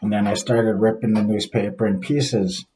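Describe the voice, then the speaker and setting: A man speaking earnestly from his office, telling a reflective personal story as a father in recovery, with pauses along the way. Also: lowish voice, steady tone, mellow, soft background music, rough recording.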